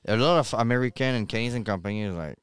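Halting man, smooth dry voice. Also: medium pitch, no echo. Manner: halting, restarts often, non-native phrasing. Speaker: podcast co-host. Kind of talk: casual chat.

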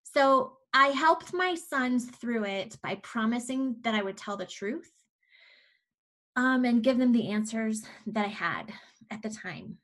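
A woman's voice: on the high side, slow, a bit bright. A woman in her forties, a podcast guest, telling a personal story in a candid, reflective way with frequent restarts.

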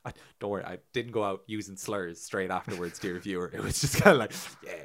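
Speaking fast in a low voice with vocal fry, over a faint hiss or hum, this Irish podcast co-host spins lively stories. He curses, laughs and performs the voices of the characters.

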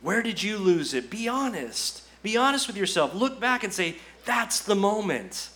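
Bright-voiced pastor preaching a sermon. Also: male voice, high-pitched, sing-song, moderate pace. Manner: earnest, repetitive exhortation with rhetorical questions. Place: church.

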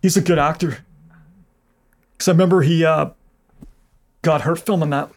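Eager, repetitive man with a slightly high voice. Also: fairly even intonation, normal speed. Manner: eager, repeats himself, laughs at his favorite lines. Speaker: co-host talking about movies. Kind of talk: casual chat.

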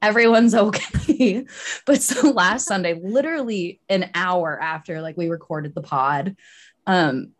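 A young adult woman co-hosting a podcast, chatting casually and telling stories with an animated, laughing manner. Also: on the low side, a little slow. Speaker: podcast co-host. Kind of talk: casual chat.

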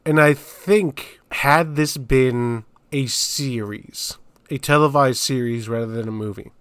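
A man co-hosting a podcast, discussing a movie in casual chat with deadpan, dry jokes. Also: medium pitch, slow, clear, resonant tone, no echo. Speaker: podcast co-host.

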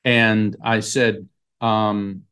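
A man's voice: fairly low pitch, level tone, extremely slow, a bit bright, smooth. A man, a psychic medium guest, telling a long anecdote in an interview and acting out the voices he quotes. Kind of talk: storytelling in an interview.

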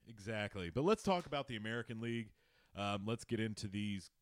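A man's voice: lowish voice, animated, fairly quick, no room sound. Rambling, swearing male podcast host. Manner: profane, laughing, rambling. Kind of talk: casual podcast chat.

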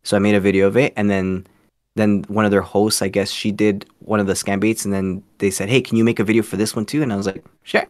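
A man's voice: fairly low pitch, little pitch movement, fast talker, no echo, clean studio sound. A young man from Canada, a guest telling a story casually with many restarts and fillers. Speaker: guest, scambaiter.

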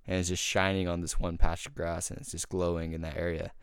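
A young man casually telling a rambling ghost story among friends, swearing a lot and dropping to a hush at the eerie parts. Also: deep voice, little pitch movement, fast, clean tone, no room sound, clean studio sound. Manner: rambling, heavy swearing, hushed when telling the eerie part.

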